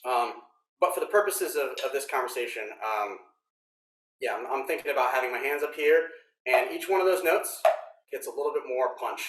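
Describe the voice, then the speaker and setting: A man teaching snare drum technique in a workshop, explaining step by step in a relaxed way with frequent ums. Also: mid-range voice, fairly quick, recorded from a distance. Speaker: drum instructor. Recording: roomy echo.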